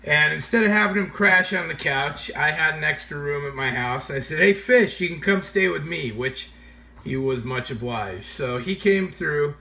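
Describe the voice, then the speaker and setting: Gravelly, animated male storyteller. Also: medium pitch. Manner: animated, laughs while telling. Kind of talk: casual comedic storytelling.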